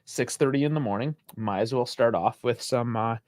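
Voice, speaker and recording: Male co-host, easygoing chat, mid pitch, dry sound, laughs a lot. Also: moderate pace, no echo. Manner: relaxed, laughs often. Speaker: podcast co-host. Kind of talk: casual live stream chat.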